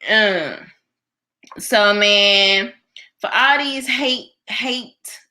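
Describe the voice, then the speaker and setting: A woman's voice: mid-range voice, drawn-out words, pushed and bright. A young woman hosting a live stream, chatting casually with viewers and reading their comments aloud, full of fillers.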